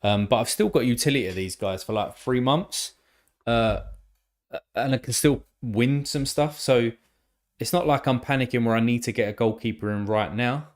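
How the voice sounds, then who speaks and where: A man with a mid-range voice chats casually on a live stream at normal speed. He rambles and thinks aloud, using lots of fillers and the occasional swear word.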